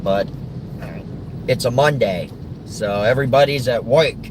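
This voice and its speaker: Brief: casual vlogger man, mid-pitched, rambling and chuckly, recorded in a car with faint road noise. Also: unhurried.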